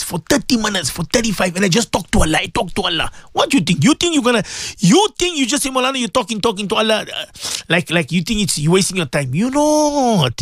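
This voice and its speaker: A man, a maulana presenting a live radio show, leading an emotional supplication that rises into pleading shouts and turns tearful at times. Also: sits high, no room sound, clean studio sound.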